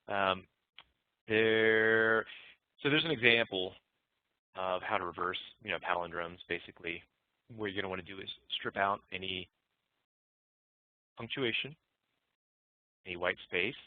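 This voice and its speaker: A man teaching programming in a recorded lecture, relaxed and thinking aloud as he walks through code. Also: sits low, no echo. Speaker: programming instructor. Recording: muffled phone-like dry audio.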